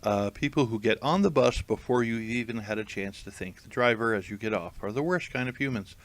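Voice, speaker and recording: A man's voice: lowish voice, fairly quick. A man reading jokes aloud and commenting on them in a dry, amused, casual way. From United States. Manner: dry, amused, chuckling asides. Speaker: comedic reader of tweets.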